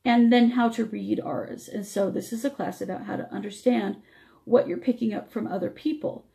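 A woman's voice: mid-range voice, normal speed, vocal fry, mellow. A woman radio host teaching spiritual energy techniques, explaining step by step while her voice struggles.

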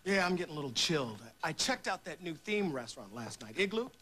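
A man's voice: on the high side, sing-song. An actor playing a brash, self-important male Secret Service agent who talks in blustery bursts. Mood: boastful. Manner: boastful, fast bursts of bluster.

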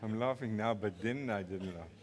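A man's voice: lowish voice, normal speed, big-room sound. A man with a South African accent preaching a storytelling sermon in a church, playful and laughing at his own story.

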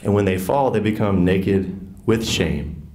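Deep-voiced Southern man teaching. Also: unhurried, a little mellow. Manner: earnest, folksy, with frequent "right?" asides. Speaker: catechist teaching a workshop on faith and marriage. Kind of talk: conversational teaching talk to a group.

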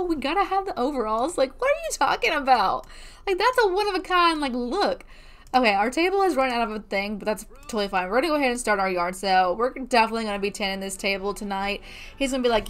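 Woman let's-play host, high and very lively, full of bubbly gushing commentary. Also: normal speed. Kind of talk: casual gameplay commentary.

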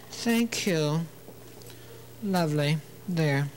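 A man's voice: fairly high pitch, expressive, a little slow, slight background noise, rough recording. Joking man hosting a sewing show. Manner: chatty, tells corny jokes and laughs at them; coaxing, talks to the fabric and the thread. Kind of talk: TV sewing demonstration.

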